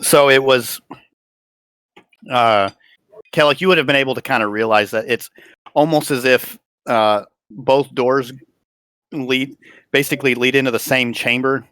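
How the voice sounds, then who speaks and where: A man running a tabletop game as game master, narrating with frequent pauses as he searches for words. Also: medium pitch, a bit bright, no echo.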